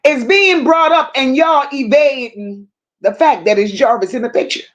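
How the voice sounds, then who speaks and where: Blunt, high-voiced woman livestream host. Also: normal speed, lo-fi sound. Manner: blunt, emphatic, greets viewers by name. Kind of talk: casual livestream commentary reading chat.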